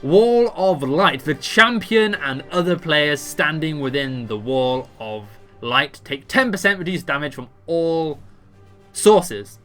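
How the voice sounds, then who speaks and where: Guy reading raid notes out loud, kinda bright voice, faint music behind. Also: fairly high pitch, expressive, takes it slowly. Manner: offhand, stumbling over words, jokey asides. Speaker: gamer explaining a raid boss. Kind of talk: casual gameplay commentary, reading abilities aloud.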